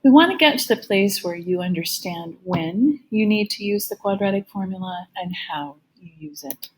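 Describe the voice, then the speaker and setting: A woman math teacher giving a recorded lecture with a slightly gravelly voice, explaining each step patiently. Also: medium pitch, expressive, moderate pace, rough recording.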